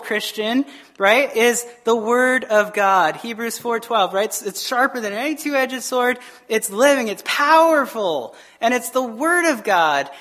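A male pastor with a very high-pitched voice preaches a sermon in an animated, conversational style. He uses frequent fillers, wanders into quick asides, and slips into the voices of people he quotes.

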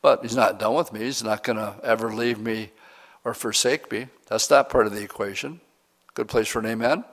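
A middle-aged man preaching as a pastor, reading scripture slowly and then explaining it in plain, conversational words with questions to the congregation. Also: lowish voice, a bit bright. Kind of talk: verse-by-verse Bible teaching sermon.

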